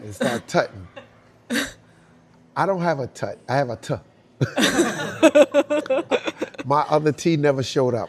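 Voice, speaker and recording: This is a dancer being interviewed, a man with a New York accent whose medium-pitched voice moves at a normal speed with lively intonation. His storytelling is animated, full of acted-out voices and sounds, with swearing and laughter mixed in.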